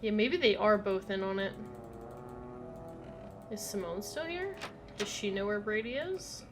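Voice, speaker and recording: A woman's voice: medium pitch, lively intonation, measured pace. A woman streaming a video game at home, chatting casually, reading text aloud and talking to her cat. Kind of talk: casual live gameplay commentary.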